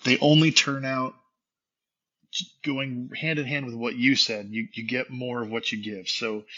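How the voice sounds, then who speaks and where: A man's voice: medium pitch, bright, forceful tone, dull audio. A man, a musician being interviewed, talking reflectively and hesitantly with many fillers. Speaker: guest musician. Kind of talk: casual interview answers.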